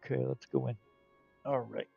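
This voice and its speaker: A man casually narrating his gameplay in a relaxed, rambling way, tired and with a stuffy nose. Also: mid-range voice, normal speed, gravelly, slightly rough. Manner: relaxed, rambling, talks to himself. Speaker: game streamer. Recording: dull lo-fi audio, faint game music.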